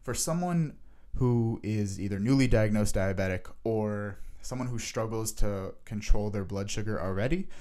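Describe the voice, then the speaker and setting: A man ranting in a casual vlog, animated and sarcastic. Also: fairly low pitch, moderate pace. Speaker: vlogger.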